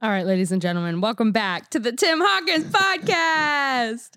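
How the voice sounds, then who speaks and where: A woman's voice: medium pitch, lively intonation, quick pace, smooth, no room sound, clean studio sound. A woman hosting a podcast, bubbly and giggly in casual chat. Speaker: podcast host.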